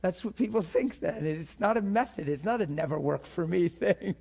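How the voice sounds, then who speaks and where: A man's voice: high-pitched, moderate pace, creaky, few pauses, a little mellow, slightly rough. A man teaching a class in a sermon style, conversational and often checking in with his listeners, repeating words as he builds a point.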